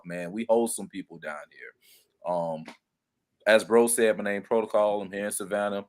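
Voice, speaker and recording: Laid-back deep-voiced man. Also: fairly even intonation, moderate pace. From Georgia. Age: 30s. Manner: laid-back, slangy, talks in asides. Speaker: guest caller. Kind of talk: casual chat.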